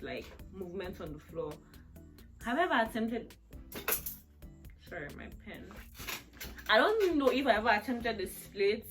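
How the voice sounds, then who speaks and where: A woman's voice: on the low side, a bit bright. A young woman from Nigeria with a Nigerian accent, chatting casually on her vlog as a content creator and rambling with lots of "like".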